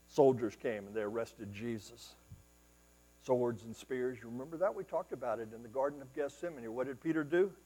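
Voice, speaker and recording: A male preacher delivering a sermon, retelling scripture as dramatic storytelling, rising to loud exclamations and dropping to hushed asides. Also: mid-range voice, normal speed, in a large hall, poor audio.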